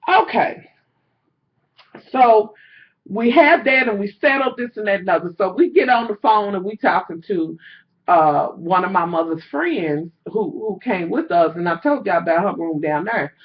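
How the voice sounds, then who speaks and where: A woman's voice: mid-range voice, normal speed. Woman vlogger, rowdy storyteller who cusses freely, mid-range voice, slightly muffled lo-fi home recording. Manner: loud, animated storytelling, heavy cursing, slangy. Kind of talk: casual storytime chat to camera.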